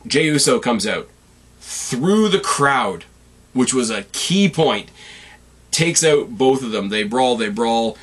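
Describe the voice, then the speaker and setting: A man hosting a casual podcast, recapping events with opinionated, animated rants and sudden excited jumps in his voice. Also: slow, slightly rough. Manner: jumps sharply up in pitch when excited. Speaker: podcast host.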